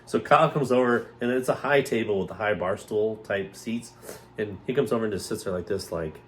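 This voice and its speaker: Rambling low-voiced man telling stories. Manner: rambling, animated, quick to mimic others' voices. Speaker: podcast co-host. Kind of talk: casual storytelling chat.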